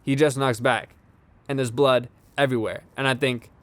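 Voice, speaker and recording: A man's voice: medium pitch, steady tone, moderate pace, no echo, lightly acted. A man performing a theatrical monologue as a bartender who tells a wry, reflective story from his childhood. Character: bartender recalling a childhood fistfight.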